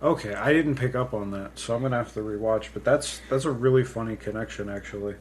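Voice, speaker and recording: A man's voice: fairly low pitch, fast, darkish tone, slight background noise. A man co-hosting a podcast in casual chat, retelling movie scenes loosely and swearing freely. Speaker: podcast co-host.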